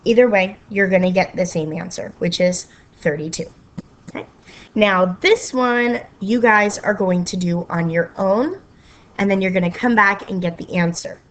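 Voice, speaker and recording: At a moderate pace, a woman with a mid-range voice teaches a math lesson, breaking it into patient steps. She often checks in with an okay and at times lapses into a playful sing-song.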